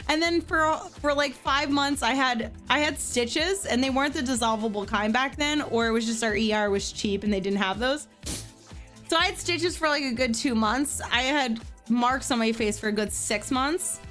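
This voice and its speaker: A woman in her thirties from Pennsylvania tells a story casually and with animation, and her voice sits fairly high. She scatters "like" through nearly every sentence, and faint music plays behind her. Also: moderate pace. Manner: animated, filler-heavy with frequent "like".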